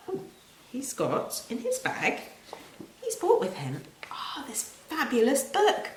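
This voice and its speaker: A woman leads a children's language lesson, slow and clear, with playful repetition. Her pitch rises and falls with lively swings. The room gives her voice a noticeable echo. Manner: slow, clear and playful, with repeated words and sound effects. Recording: roomy echo.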